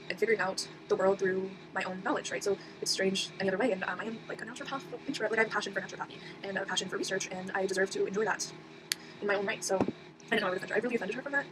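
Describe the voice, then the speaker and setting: A young woman telling a personal story in a rambling casual monologue, full of fillers and restarts. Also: medium pitch. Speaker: vlogger. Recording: audible background noise.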